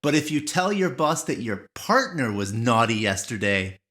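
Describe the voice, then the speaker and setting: An English teacher explaining vocabulary carefully and clearly in an online lesson. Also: mid-range voice, moderate pace, a bit bright.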